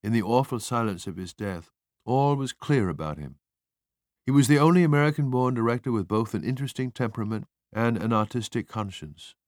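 A man narrating literary fiction as an audiobook, measured and expressive. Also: mid-range voice, no room sound, studio quality.

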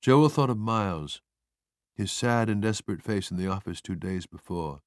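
A man narrating literary fiction as an audiobook, measured and expressive. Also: fairly low pitch, no echo, studio quality.

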